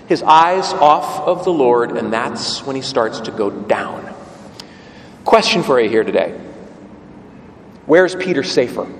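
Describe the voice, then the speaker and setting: A man preaching a sermon, telling the story vividly and putting rhetorical questions to the congregation. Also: high voice. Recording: long church reverb, faint ambient noise.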